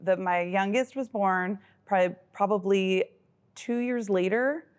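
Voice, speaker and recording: A woman's voice: mid-range voice, measured pace, clean tone. A middle-aged woman with a mid-range voice chatting on a podcast with her daughter. She tells family stories fondly and laughs easily. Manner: warm, laughing, affectionate storyteller. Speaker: podcast co-host, mother. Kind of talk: casual chat.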